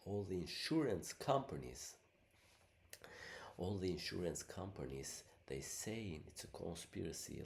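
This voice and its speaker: A middle-aged man whose first language is Albanian rambles through a casual monologue, leaning on fillers like "you know what I mean." A month of illness has left his rumbling low voice congested, with noticeable vocal fry.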